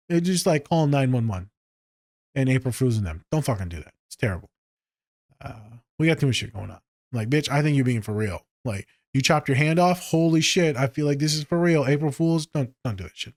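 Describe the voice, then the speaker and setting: A man who works as a therapist, hosting a casual podcast and telling stories in a profane, joking way, swinging between low mutters and sharp high exclaims. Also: animated, fairly quick, no room sound, studio quality. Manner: profane, joking, with frequent swearing.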